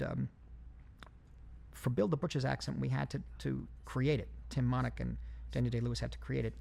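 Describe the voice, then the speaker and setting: A man recording a film commentary, speaking in a halting way with many fillers and restarts. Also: mid-range voice, vocal fry, a little mellow. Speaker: film director giving commentary.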